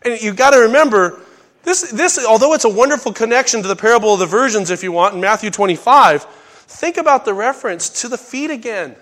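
A middle-aged man preaching a conversational Bible sermon, with folksy asides and sudden loud bursts when he acts out lines. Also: high voice, lively intonation, brisk. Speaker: pastor teaching a Bible study.

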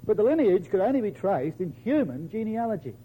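A man preaching a sermon to his congregation, emphatic, quoting scripture in old-fashioned wording and dropping softly at the ends of phrases. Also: very animated, fairly quick, slight background noise, rough recording. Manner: emphatic, addresses listeners as brethren and sisters; drops to a soft low voice at the ends of phrases.

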